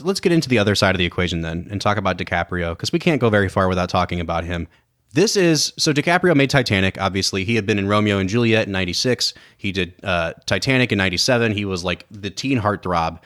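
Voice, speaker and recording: A man co-hosting a film podcast, chatting casually and breaking into quick impressions of lines from the movie. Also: fairly low pitch, lively intonation, fairly bright tone. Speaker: podcast co-host.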